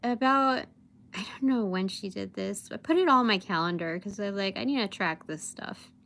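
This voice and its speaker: A woman's voice: mid-range voice, normal speed, creaky, a bit bright. A young woman telling a work story on a casual livestream, rambling with many fillers and acting out her boss's lines. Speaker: vlogger.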